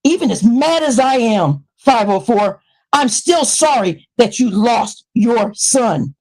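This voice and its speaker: A woman with a high voice rants on her live stream into a new microphone. She is heated and profane and often breaks into shouts. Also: lively intonation, slow pace, rough recording. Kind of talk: angry live-stream rant. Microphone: new desktop microphone.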